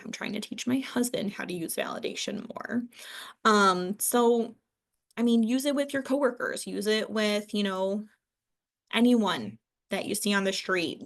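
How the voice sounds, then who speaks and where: A woman's voice: medium pitch, vocal fry. A young woman giving a casual training talk on behavior support, chatty and loose, with many ums and likes.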